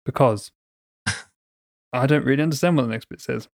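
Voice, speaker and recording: A man's voice: medium pitch, brisk, creaky, no echo, clean studio sound. A man, co-hosting a podcast in casual, jokey banter. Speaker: podcast co-host. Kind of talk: casual chat.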